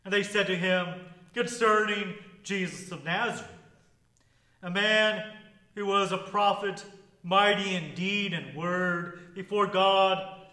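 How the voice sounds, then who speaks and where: A man preaching a sermon as pastor, with a measured, deliberate liturgical delivery. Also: high voice, fairly even intonation, sharp tone, roomy sound, poor audio.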